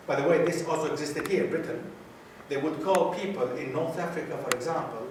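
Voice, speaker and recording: High-pitched male lecturer, asks the room questions, very echoey hall, mic far off. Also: a little hiss or hum. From Greece. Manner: quizzes the audience and repeats key phrases. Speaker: guest lecturer. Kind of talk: lecture to a student audience. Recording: very echoey hall, taped from afar.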